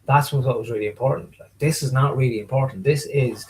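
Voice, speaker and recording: A middle-aged man speaks in a mid-range voice at a quick pace over a rough recording. He's a guest on a casual video call, animatedly telling stories and acting out what people said.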